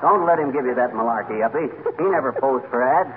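An actor playing a brash, boastful middle-aged husband who talks in slang, in a 1940s radio comedy. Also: male voice, mid-range voice, quick pace, lightly acted. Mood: blustering. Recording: tinny old radio broadcast with faint hiss.

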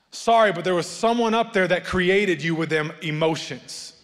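Male pastor, higher-pitched voice, animated sermon delivery with joking asides, long church-hall reverb. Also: normal speed, few pauses. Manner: animated preaching, rising loud then dropping soft, joking asides. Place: church sanctuary.

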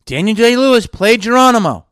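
A man's voice: extremely high pitch, very animated, a little fast, fairly bright tone, clear, resonant tone, no echo, studio quality. A man hosting his own podcast, ranting with sarcastic rhetorical questions in an indignant monologue. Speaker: podcast host and actor.

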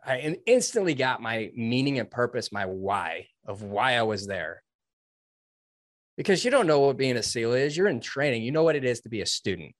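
In a dry recording, a man with a mid-range, very animated voice speaks at normal speed. He's an interview guest and former Navy SEAL trainee, telling the story of his military training in a conversational interview, earnest and openly emotional, with restarts.

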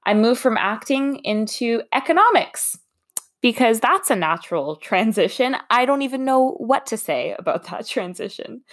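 A woman's voice: on the high side, big pitch swings, normal speed. A young adult woman who works as a recruiter, hosting her own podcast in a candid, chatty monologue with self-deprecating humor.

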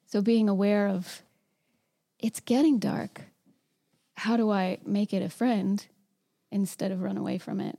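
Mellow-voiced woman leading a discussion. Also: medium pitch, fairly even intonation, measured pace, creaky, pauses often. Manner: conversational, many fillers, asks questions. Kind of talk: casual group discussion.

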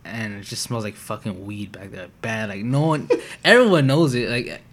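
A man guest on a podcast, talking in rambling, slangy and profane casual chat that often trails off quietly. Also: fairly low pitch, animated, moderate pace.

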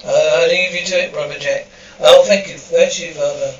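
A man reading a TV episode script aloud for a podcast, halting and restarting often as he voices every part. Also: on the high side, fairly even intonation. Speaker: podcast reader. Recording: roomy, distant, dull lo-fi recording.

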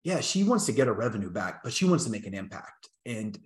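A man's voice: fairly low pitch, very animated, fast, reverberant. A man co-hosting a business podcast who tells stories in a heartfelt, fervent way, full of "like" and agreeing "yep"s. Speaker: podcast co-host, gym owner. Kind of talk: casual business podcast talk.

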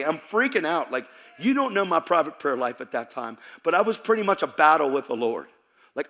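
Animated preacher man with a lively voice. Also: on the high side, brisk. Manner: animated storytelling that bursts into shouting. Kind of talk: sermon with personal testimony.

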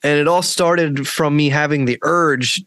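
A man's voice: a little high, measured pace, fairly bright tone, no echo. A man hosting a podcast, telling a long story in a loose, rambling way, full of fillers and swearing. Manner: rambling, laid-back, heavy with "like" and swearing. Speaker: podcast host. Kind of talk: casual storytelling chat.

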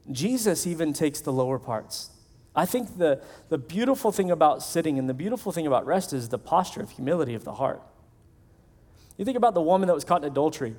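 A man's voice: a little high, sing-song, fairly quick, a little mellow. Conversational man preaching a sermon. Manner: conversational preaching, acts out quoted voices. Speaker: pastor.

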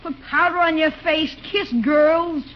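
An actress voicing a grumbling, cheeky schoolboy nephew in an old radio comedy. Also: female voice, sits high, fairly even intonation, unhurried. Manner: whiny, blunt. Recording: dull old radio recording, faint hiss.

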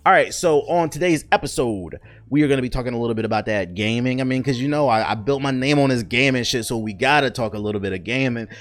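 A man's voice: medium pitch, fast talker. A man hosting a casual solo podcast, joking and ranting with lots of swearing and restarts. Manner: profane, joking, rambling with restarts. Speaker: podcast host.

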